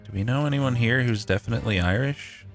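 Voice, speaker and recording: A man's voice: medium pitch, fairly quick, music in the background. A man streaming a game live, thinking aloud with casual swearing and frequent laughs. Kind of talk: live gameplay commentary.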